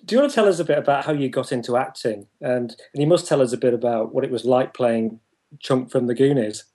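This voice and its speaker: A man's voice: medium pitch, fast. A man with a northern English accent, hosting an interview and speaking with many ums and easy laughs. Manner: warm, hesitant, many ums, laughs easily. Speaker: host. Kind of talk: casual interview.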